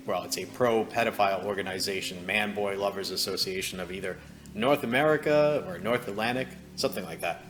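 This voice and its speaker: A man's voice: fairly low pitch, a bit bright, slight background noise. A man hosting a commentary video, talking in a sarcastic, scornful way.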